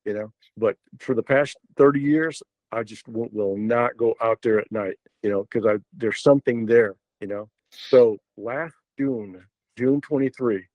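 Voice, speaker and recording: A man's voice: fairly low pitch, measured pace, a little mellow, no echo, poor audio. An older man, a podcast guest telling a story in a loose, rambling way with many fillers and restarts. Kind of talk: casual storytelling.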